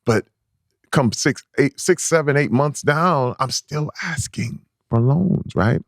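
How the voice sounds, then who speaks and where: A man guest on a podcast, telling a candid personal story in an animated, emphatic way, often restarting and repeating words as he goes. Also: slow pace, no echo, clean studio sound. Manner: animated, acts out his own past voice in a squeaky high pitch.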